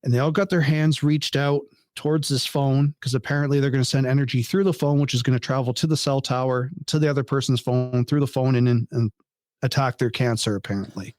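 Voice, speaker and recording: A man as a podcast guest, telling a story in casual chat, animated and incredulous, swearing freely. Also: medium pitch, fairly quick, no echo.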